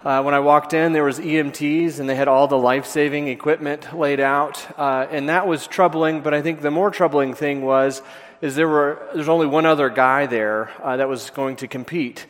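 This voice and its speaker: A man giving a sermon that opens with a personal story, speaking haltingly with many fillers and restarts. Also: fairly high pitch, steady tone. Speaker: preacher. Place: church sanctuary. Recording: long hall reverb, church sanctuary.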